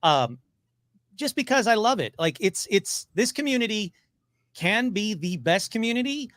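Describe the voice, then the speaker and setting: Excitable man with a higher voice. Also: dry recording, studio quality. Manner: excitable, gushing, rushes through stories. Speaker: podcast guest, paranormal investigator. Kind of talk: casual interview chat.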